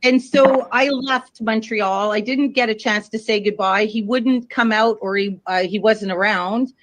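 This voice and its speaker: A woman's voice: mid-range voice, steady tone, measured pace, no echo. A woman telling a long story in casual chat, rambling and swearing, with many fillers. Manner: rambling, profane, lots of fillers.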